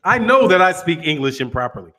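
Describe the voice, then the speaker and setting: A man's voice: fairly high pitch, quick pace. An American man hosting a boxing channel, chatting casually and reading viewer comments in a joking, profane way. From United States. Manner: profane, joking, lively with laughs.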